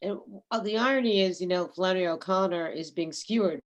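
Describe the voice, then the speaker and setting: A woman's voice: lowish voice, fairly quick. A woman interviewing an author, giving brief and agreeable prompts. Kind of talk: conversational interview.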